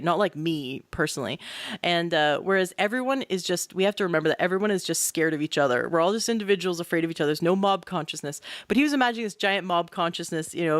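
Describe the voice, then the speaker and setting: A woman podcast host talks through ideas in a lively, storytelling manner, leaning on casual fillers as she goes. Her voice sits a little low for a woman. The recording is dry and close, with no room sound. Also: dry recording. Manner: animated storyteller, many fillers. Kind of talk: conversational explanation.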